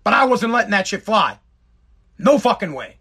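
Middle-aged guy telling a story, swears a ton, high bright voice. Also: sing-song, moderate pace, husky. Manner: profane, rambling, emphatic. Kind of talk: casual storytelling monologue.

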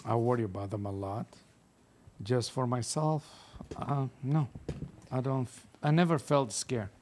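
Halting middle-aged father, mid-pitched voice. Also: steady tone, darkish tone, slight background noise. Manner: halting, simple phrasing, repeats words. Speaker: guest, host's father.

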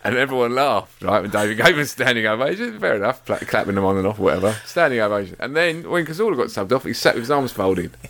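Man, low gravelly voice, lively delivery, teasing, crowd noise. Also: quick pace, few pauses. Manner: teasing, laughs while talking. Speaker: podcast co-host. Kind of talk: casual football podcast chat.

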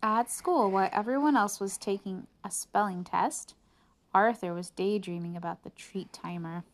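A woman reads a picture book aloud to a child in an expressive voice of middle pitch. She pauses for friendly, chatty asides between pages. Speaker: reader to a child.

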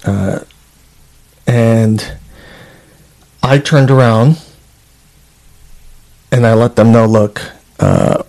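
A man's voice: medium pitch, drawn-out words, gravelly, pauses often, a little mellow. A man who served as a state trooper, talking casually in an interview and reading out emails, with frequent fillers and restarts. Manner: conversational, reads out documents, frequent fillers.

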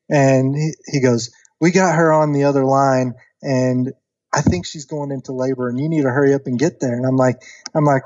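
Man, 30s, chatty animated podcast storyteller, dry dull mic. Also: mid-range voice, fairly quick, no room sound. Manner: animated storyteller, acts out quoted voices, many fillers. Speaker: podcast guest. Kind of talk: casual storytelling.

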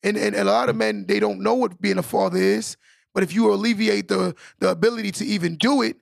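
A man's voice: high-pitched, fast talker, creaky, dry recording, studio quality. A middle-aged man, a podcast guest and former athlete, making earnest points and often checking in with "right?". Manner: earnest, keeps asking "right?" as he makes a point. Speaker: guest, former pro basketball player. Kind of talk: casual podcast interview.

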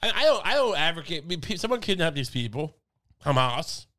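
Bright-voiced joking man. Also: a little high, big pitch swings, fairly quick. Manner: rambling, stammering restarts, jokey; breaks into silly put-on voices. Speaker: podcast co-host. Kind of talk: casual comedic chat.

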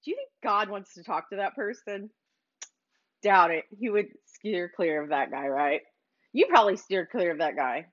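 With a mid-range voice, lively intonation and normal speed, a woman delivers her motivational business podcast. She is preachy and insistent, pressing listeners and repeating phrases, and the lo-fi recording sounds slightly dull.

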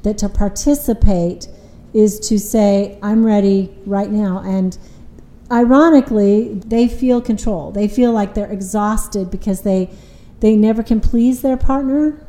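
A woman's voice: mid-range voice, fairly even intonation, a little slow, dark tone, roomy sound, poor audio. A woman couples therapist explaining relationship patterns in an earnest, conversational way, often retelling what her clients said.

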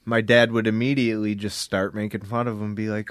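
A man's voice: lowish voice, brisk, clean tone, dry recording, clean studio sound. Profane joking young man. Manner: profane, joking, animated storytelling. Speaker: podcast co-host. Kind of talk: casual chat.

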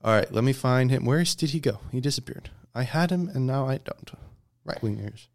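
A man's voice: medium pitch, expressive, brisk. A man hosting a casual sports podcast, debating hockey picks and reading out stats with frequent "okay?" check-ins. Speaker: podcast host.

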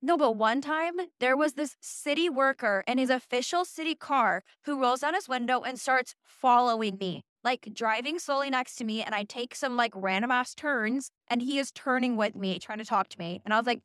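A woman's voice: a little high, moderate pace, few pauses, fairly bright tone, clean tone, dry recording, studio quality. A young woman from Utah chatting casually to camera, sarcastic and full of "like" asides and swearing. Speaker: vlogger. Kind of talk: casual chat.

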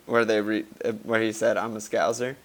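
Swearing American podcast co-host. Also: male voice, fairly low pitch, fairly quick. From United States. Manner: profane, animated storytelling with quoted asides. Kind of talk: casual chat.

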